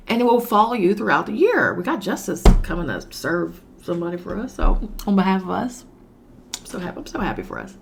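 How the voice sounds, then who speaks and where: A woman's voice: mid-range voice, sing-song, brisk, gravelly, a little hiss or hum. A woman giving a casual tarot reading while sick with a cold, talking in a chatty, sassy way and swearing now and then. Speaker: tarot reader.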